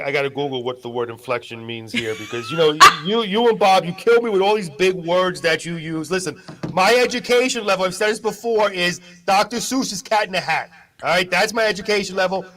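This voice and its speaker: A man who reads the news on a radio show, joking around in a self-deprecating, animated way. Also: high voice, brisk. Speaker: news reporter. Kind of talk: casual radio chat.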